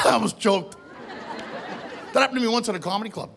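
A middle-aged man from Greece doing loud, animated stand-up comedy on a club stage, shouting his punchlines. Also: sits high, a little slow, creaky, long pauses. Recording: live club recording with crowd noise. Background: live audience laughter.

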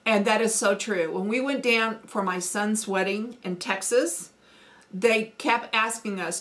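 A woman's voice: mid-range voice, unhurried, a bit bright. Middle-aged Midwestern woman, homesteading vlogger, folksy and chatty, easy ums. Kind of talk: casual accent challenge chat.

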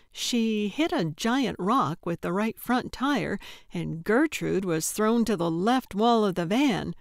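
A woman reading a cozy mystery audiobook at a slow, unhurried pace. Her mid-pitched voice is recorded close and dry, with no room echo. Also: animated, gravelly. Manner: measured, unhurried storytelling. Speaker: audiobook narrator. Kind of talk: scripted narration.

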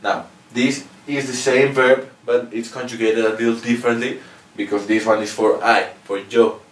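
A man with a Mexican accent giving a patient, casual video lesson, often checking in with "okay?". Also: on the low side. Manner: patient, ends phrases with "okay?". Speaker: language teacher. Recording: roomy echo, mic at a distance.

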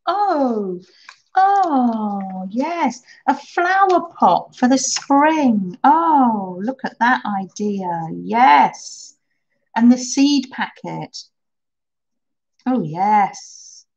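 A woman hosts a relaxed live craft stream, taking her time and reacting eagerly to viewers' ideas. Her fairly high voice swings up and down with lively pitch. The recording sounds a little dull and lo-fi. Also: extremely slow. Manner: chatty, enthusiastic, answers live chat comments. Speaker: crafting channel host.

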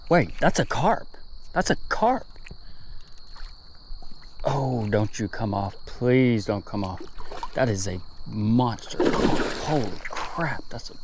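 Excited man fishing outdoors. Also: fairly low pitch, slow, slight background noise, rough recording. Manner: excitable, exclaims often, addresses viewers as y'all. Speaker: fishing vlogger. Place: outdoors by water.

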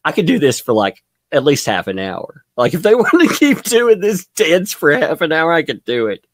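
A man's voice: a little high, huge pitch swings, moderate pace, no room sound, clean studio sound. A man giving mocking commentary over trial footage, laughing often and speaking theatrically. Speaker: commentary vlogger.

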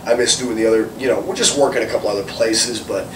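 A male wrestler chatting casually in an interview, animated and swearing freely. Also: lowish voice, quick pace. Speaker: professional wrestler guest. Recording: roomy, distant mic with background noise.

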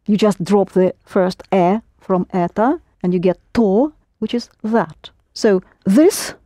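A woman's voice: mid-range voice, takes it slowly, mellow, dry recording, studio quality. A woman teaching a language lesson, explaining patiently step by step and prompting her students.

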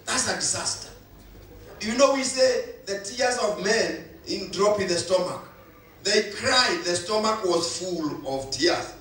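A man's voice: high voice, a little slow, a bit bright. A male pastor, preaching a sermon with emphatic repetition. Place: church hall. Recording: echoey hall, voice from far off.

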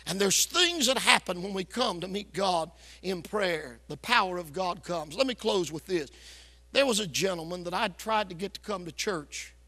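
A man preaching a revival sermon, telling a story loudly and with hard-driving force. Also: high-pitched. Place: church sanctuary. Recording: echoey church hall.

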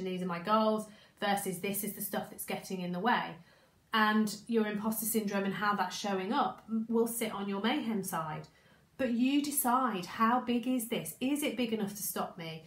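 A woman coaching in a casual spoken training talk. She chats, repeats herself, restarts sentences and acts out inner thoughts, and her voice is croaky. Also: mid-range voice, echoey room, poor audio.

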